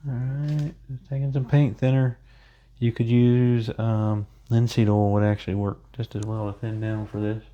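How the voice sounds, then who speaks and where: A man's voice: medium pitch, level tone, moderate pace, highs cut off. A man chatting casually through a painting tutorial, rambling into self-joking asides as he works. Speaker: painting instructor.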